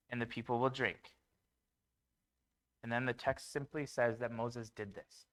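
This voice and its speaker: A man's voice: mid-range voice, fairly even intonation, measured pace, long pauses. A man preaching a conversational sermon in a church, with fillers and restarts.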